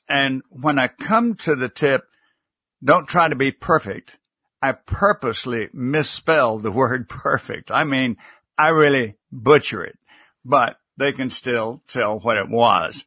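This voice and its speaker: A man who works as a communication consultant, a guest on a live interview who gives advice in a measured, instructive way with light humor. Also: mid-range voice, animated, pushed and bright, slightly rough, no room sound, studio quality.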